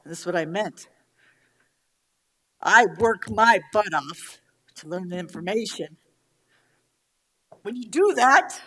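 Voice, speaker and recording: A woman's voice: mid-range voice, expressive, bright, forceful tone. Angry, blunt woman at a public meeting. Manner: blunt, angry, swears, rapid rebuttals. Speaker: county commissioner. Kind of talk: heated speech at a public meeting.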